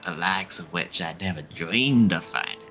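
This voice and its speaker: A man's voice: sits low, wildly swooping pitch, normal speed, vocal fry, pushed and bright, faint music behind, exaggerated voice. A man voicing a swaggering frontier prospector who talks in a boastful, conspiratorial drawl. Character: swaggering male frontier prospector with a tall tale.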